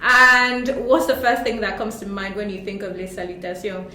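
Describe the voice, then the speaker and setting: A woman's voice: medium pitch, moderate pace, bright, forceful tone, roomy sound. A woman co-hosting a casual French lesson, chatty and playful, laughing as she explains. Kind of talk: casual bilingual lesson chat.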